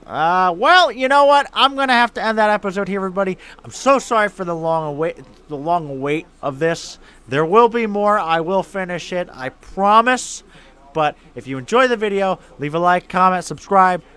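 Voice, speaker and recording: A man giving let's-play commentary on a horror video game, excitable and laughing often. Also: high-pitched, moderate pace, clear, resonant tone. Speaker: gaming YouTuber.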